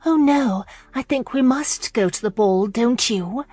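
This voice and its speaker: A woman narrator voicing an anxious young noblewoman who speaks softly and hesitantly. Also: on the high side, measured pace, no room sound, soft background music, pitched above the performer's own voice. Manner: soft, hesitant, fretting. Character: anxious young noblewoman fiancée, timid and eager.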